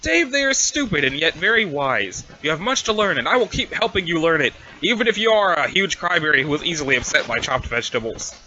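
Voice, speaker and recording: A man's voice: fairly high pitch, expressive, brisk, hardly any pauses, sharp tone, dull audio, slight background noise. A man voicing a smug, playful teenage alien troll girl in a webcomic reading, with a teasing, sing-song manner. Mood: gleeful. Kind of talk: reading a webcomic aloud with voices.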